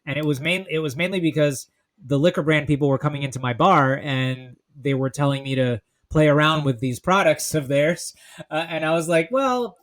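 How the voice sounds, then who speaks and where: Co-host guy, kinda high voice, laughs a lot, easy chat. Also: fairly even intonation, fairly bright tone. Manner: laughs often, quick back-channel reactions. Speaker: podcast co-host. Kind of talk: casual interview chat.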